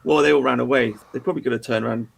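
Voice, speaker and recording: Young guy, stream co-host, rambling and profane, average pitch. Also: steady tone, racing, vocal fry. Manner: rambling, repeats himself, swears a lot. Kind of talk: casual chat.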